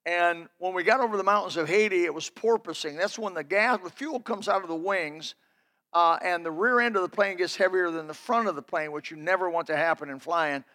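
A man's voice: sits high, fairly quick, pushed and bright. A man preaching a sermon, telling folksy personal stories in an emphatic, building delivery.

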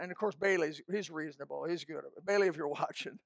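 A man's voice: sits high, quick pace, gravelly, hardly any pauses, no echo, studio quality. An older man preaching a folksy, emphatic sermon, breaking into snatches of hymns.

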